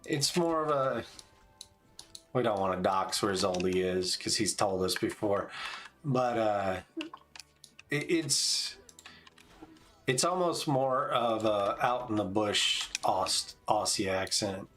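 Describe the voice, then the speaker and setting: A man's voice: on the low side, animated, slow, pauses often, fairly bright tone, faint music behind. A man in his forties streaming a game, chatting casually and calling out tactics as he plays. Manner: laid-back, chatty, calls out tactics between stories. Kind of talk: casual gameplay commentary.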